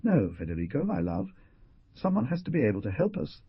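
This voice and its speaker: A man's voice: medium pitch, wildly swooping pitch, fairly quick, slightly rough, no echo, voice pushed up, full character voice. A man voicing an anguished young woman who cries out and pleads, in a storybook reading. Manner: pleading, horrified outcries. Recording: dull lo-fi dry recording.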